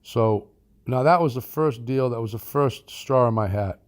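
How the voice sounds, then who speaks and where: A man's voice: mid-range voice, normal speed. A man who teaches land investing tells a long business anecdote in a rambling, folksy way, with fillers and asides. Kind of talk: anecdotal storytelling.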